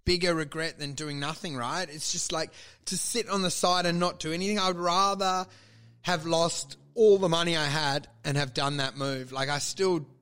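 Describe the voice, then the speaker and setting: Man, podcast co-host, high-pitched, bright tone, animated, laughs a lot, swears freely. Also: moderate pace, smooth. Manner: animated storyteller, laughs often, mimics his old boss; swears freely, casual slang. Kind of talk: casual chat.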